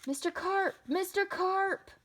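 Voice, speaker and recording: A woman voicing an anxious young boy from a storybook, pleading and urgent in a high voice. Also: big pitch swings, unhurried, fairly bright tone, full character voice. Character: anxious young boy who overfed his fish.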